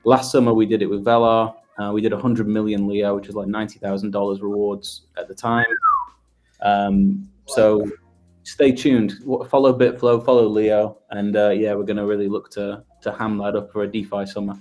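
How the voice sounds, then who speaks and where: A man, a guest on a casual audio chat, talking in a relaxed way with many fillers. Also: fairly low pitch, normal speed, soft background music. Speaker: guest from a project team.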